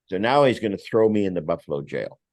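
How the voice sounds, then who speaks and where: An older man with a very low voice tells a lively anecdote as a podcast guest and acts out the other people in it. He swears freely. The sound is close and dry. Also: fast talker, no room sound. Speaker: guest, vineyard owner. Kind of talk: casual anecdote telling.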